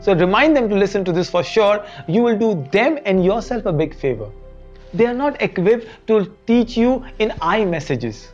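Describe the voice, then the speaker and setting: A man's voice: high-pitched, very animated, normal speed. A man hosting a motivational teaching talk about feedback. He speaks expressively and repeats his key points. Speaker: host and teacher trainer. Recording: dull lo-fi recording with faint music.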